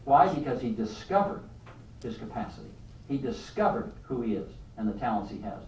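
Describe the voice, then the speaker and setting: An older man giving a motivational leadership talk to a live audience, an animated storyteller who keeps asking the room questions. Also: mid-range voice, brisk, roomy sound, recorded from a distance, a little hiss or hum, low-quality recording. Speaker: leadership speaker.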